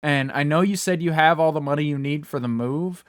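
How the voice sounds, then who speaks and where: A man's voice: fairly high pitch, fairly quick, clear, resonant tone, dry recording, studio quality. A young man co-hosting a podcast, rambling through stories with frequent swearing and bursts of silly voices. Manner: rambling, profane, animated, puts on comic voices. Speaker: podcast co-host. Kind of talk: casual banter, storytelling with silly voices.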